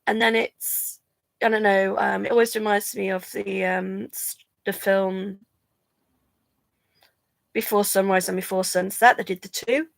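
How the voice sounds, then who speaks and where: A woman's voice: mid-range voice, little pitch movement, unhurried, gravelly, pauses often, dry recording. A drowsy woman chatting casually on a live stream, rambling and yawning between thoughts. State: drowsy from medication. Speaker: vlogger going live.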